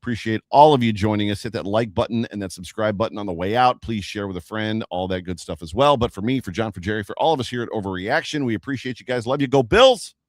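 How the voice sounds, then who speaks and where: Brief: male sports podcast host, casual and lively, lower voice, close dry mic. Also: fast, hardly any pauses, no room sound.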